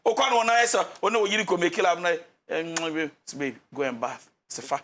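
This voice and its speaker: A man's voice: high voice, brisk, a bit bright, slight background noise. A man with a Ghanaian accent giving marriage advice as a pastor on a talk show, switching between English and Twi and acting out the quarrels of couples. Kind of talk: animated talk-show counsel.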